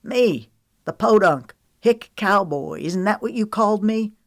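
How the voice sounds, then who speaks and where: A woman voicing a stubborn, gruff young male cowboy in an audiobook, speaking curtly and bluntly. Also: low-pitched, expressive, measured pace, no echo, studio quality, full character voice. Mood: annoyed. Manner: curt and blunt. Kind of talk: audiobook character reading.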